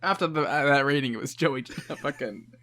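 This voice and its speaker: A man co-hosting a podcast, chatting casually and cracking jokes in quick reactions. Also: medium pitch, a bit bright. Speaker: podcast co-host.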